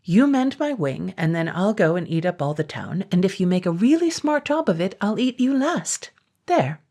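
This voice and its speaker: Brief: a spluttering, pushy iron dragon for a storybook reading, a woman reading it, husky and gravelly. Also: lowish voice, big pitch swings, normal speed, mellow, voice pushed up. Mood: bossy. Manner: spluttering, brusque. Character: big rusty iron male dragon, pushy and bossy.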